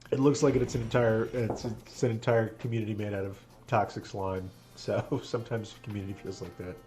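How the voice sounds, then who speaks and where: A man's voice: lowish voice, steady tone, brisk, darkish tone. A man rabbi chatting casually on a live stream while playing a game, earnest and moved, laughing often.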